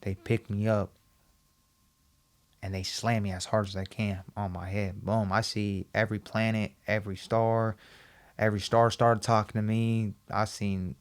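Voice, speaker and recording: Low-voiced man telling a gritty story. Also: measured pace. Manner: animated, acts out quoted dialogue, repeats himself. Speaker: podcast guest. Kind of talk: personal storytelling in a podcast interview.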